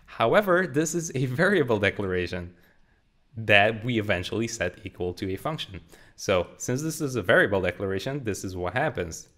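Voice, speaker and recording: A man's voice: on the low side, animated, moderate pace, a bit bright. Upbeat young man teaching code. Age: 20s. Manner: upbeat, joking, explains while typing. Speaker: programming tutor. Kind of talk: casual coding tutorial. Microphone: studio condenser mic.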